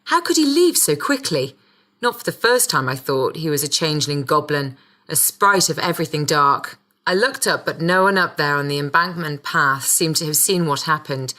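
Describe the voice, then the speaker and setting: A woman's voice: sits low, moderate pace, bright, forceful tone. A woman reading a first-person audiobook with a wry, sardonic storytelling manner. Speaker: audiobook narrator.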